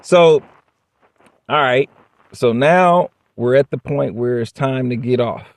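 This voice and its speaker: A man's voice: medium pitch, slow, no room sound. A man casually telling a workplace story straight to the camera, blunt and profane, acting out both sides of the dialogue. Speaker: vlogger.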